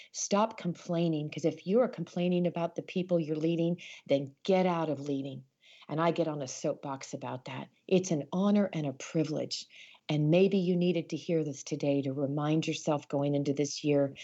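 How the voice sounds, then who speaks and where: A woman's voice: low voice, mellow, dull audio. A woman who speaks for a living, telling stories earnestly and with feeling as a guest in an interview over a video call. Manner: earnest, impassioned. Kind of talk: emotional interview storytelling.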